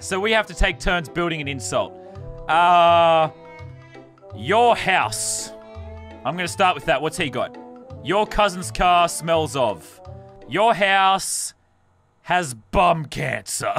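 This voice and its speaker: Jokey Australian man commentating a game. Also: fairly high pitch. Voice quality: jokey and swearing, excitable. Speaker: gaming video host. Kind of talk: gameplay commentary.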